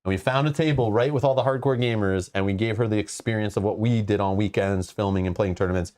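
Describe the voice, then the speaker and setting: A man's voice: on the low side, fast, a little mellow. A man hosting a casual livestream about board games, talking in a loose, rambling way and often restarting his sentences. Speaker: host of a board game channel.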